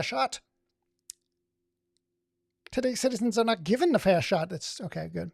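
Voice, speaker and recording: A man's voice: high voice, animated, moderate pace, creaky, pauses often, breathy edge, no room sound, studio quality. Sarcastic man riffing on a stream. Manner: sarcastic, reads aloud and riffs. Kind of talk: casual livestream commentary.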